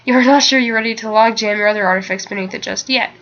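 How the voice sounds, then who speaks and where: A young woman reads a webcomic aloud with a sleepy, yawning, unsure delivery. Her voice is high and very bright. The sound comes through a dull, lo-fi home mic. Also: fast. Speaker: webcomic reader. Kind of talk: casual read-aloud of a webcomic.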